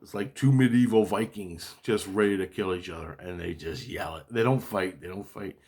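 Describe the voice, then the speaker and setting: A man telling a personal story in a casual, rambling monologue, excitable and profane, repeating his exclamations. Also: sits low, moderate pace.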